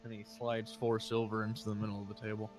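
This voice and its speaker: A man's voice: lowish voice, completely flat delivery, quick pace, loud music behind the voice. A man narrating as game master, easygoing and full of fillers.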